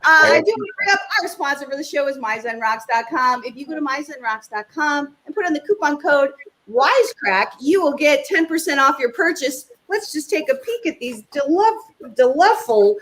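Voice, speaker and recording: A woman with a high, bright voice runs a live online comedy show. She is upbeat and reads sponsor plugs. She steers the comedians with easy laughs. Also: lively intonation, brisk, rough recording. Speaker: show host.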